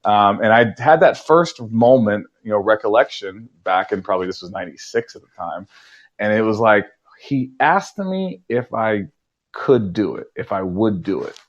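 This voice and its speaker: A man in his forties, a podcast guest telling stories in a relaxed way and acting out his own past lines with big jumps in pitch. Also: normal speed, muffled recording. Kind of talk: conversational storytelling.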